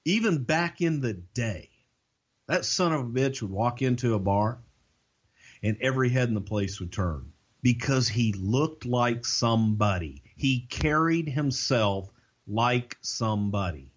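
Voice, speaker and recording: An older man, co-hosting a podcast and telling a profane, lively backstage story. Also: mid-range voice, unhurried, breathy edge, lo-fi sound. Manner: profane, animated anecdote telling. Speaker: podcast co-host. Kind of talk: casual storytelling.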